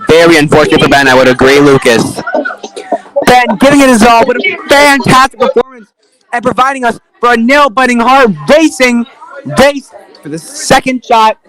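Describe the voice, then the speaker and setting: A young man commentating a live race event, excitable, with calls that build into rapid repetition. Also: very high-pitched. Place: indoor room with a chanting crowd. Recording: noisy room with cheering crowd.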